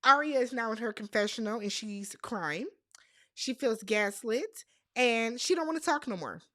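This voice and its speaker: A woman hosting a casual reality TV recap, talking in an animated, sassy way with lots of emphatic repetition. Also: a little high, normal speed, no echo, studio quality.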